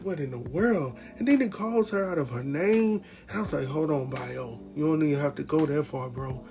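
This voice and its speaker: A man with talks through a TV episode in loose, casual commentary. His voice sits a little high, and he acts out each character's lines with plenty of laughter. Faint music plays underneath. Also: normal speed, hardly any pauses. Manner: animated, acts out quotes, laughs often. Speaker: TV recap host.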